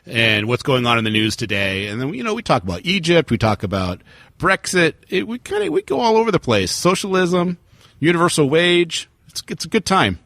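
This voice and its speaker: A man co-hosting a podcast, his voice bright and bouncing widely in pitch. He jokes crudely and gets excitable, recorded close and dry. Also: fairly quick, no echo. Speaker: podcast co-host. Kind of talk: casual podcast chat.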